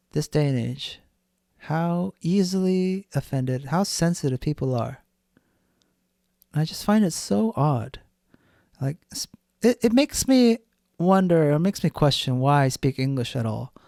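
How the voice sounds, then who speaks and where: A man's voice: on the high side, lively intonation, unhurried, vocal fry, mellow, dry recording, clean studio sound. A man hosting a solo podcast, talking bluntly and rambling, with lots of swearing. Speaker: podcast host. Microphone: studio podcast mic.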